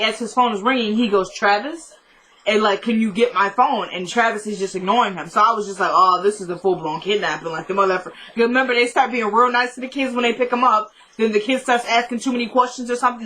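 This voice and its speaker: A woman's voice: on the high side, fast talker, hardly any pauses, pushed and bright, a little hiss or hum, low-quality recording. A woman casually recapping a TV episode, acting out the characters' lines and adding blunt asides. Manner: chatty retelling that acts out the characters' dialogue; blunt asides with mild swearing.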